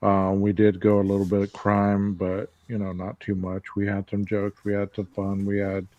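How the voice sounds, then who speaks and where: A man hosting a casual podcast, chatting in a relaxed, joking way. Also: fairly low pitch, normal speed, dry recording. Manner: laid-back, joking sign-off with a put-on airline pilot announcement. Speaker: podcast host. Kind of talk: casual chat. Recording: dull lo-fi sound.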